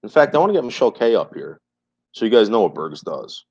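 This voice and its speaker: A man's voice: fairly low pitch, very animated, fast talker, a little mellow, breathy edge. A man chatting on a livestream, repeating his phrases emphatically and swearing freely. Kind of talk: casual livestream chat. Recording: muffled lo-fi livestream audio.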